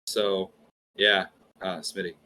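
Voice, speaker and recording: A low-pitched man with a light Southern lilt and a bright, forward tone. He tells stories in a relaxed, casual way, sounding every word out carefully. A faint hiss of noise sits under the recording. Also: slow pace. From Georgia, US. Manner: storytelling, precise enunciation. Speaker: podcast guest. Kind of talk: casual chat.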